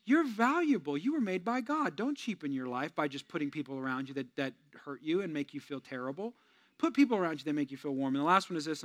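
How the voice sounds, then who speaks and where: Man, pastor, sermon, storytelling, high voice, bright tone, swings from loud to hushed. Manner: storytelling, animated, shifts between shouting punchlines and hushed earnest asides.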